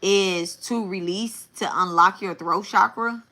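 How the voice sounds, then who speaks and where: Bright and forceful yet slow, this woman's medium-pitched voice carries a live tarot reading delivered bluntly and casually. She swears, and she often restarts and repeats what she's saying.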